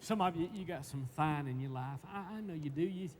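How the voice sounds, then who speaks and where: A high-pitched man preaches a sermon, stumbling over repeated words in plain, folksy speech. He swings from loud bursts to hushed tones. A long reverb trails his voice over a faint background hiss. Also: fairly quick. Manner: emphatic, swinging between shouts and hushed tones.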